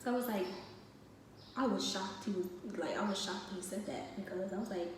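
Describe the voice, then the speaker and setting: A woman's voice: mid-range voice, fairly quick. Young woman, chatty, in a very echoey room. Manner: chatty, with many fillers. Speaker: storyteller. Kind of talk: casual storytime vlog. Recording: very echoey room, distant mic, faint noise.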